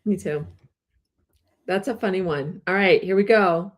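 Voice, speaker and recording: A woman co-hosting a casual podcast chat, relaxed and easy to laugh, reading questions aloud. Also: mid-range voice, a little slow. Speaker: co-host.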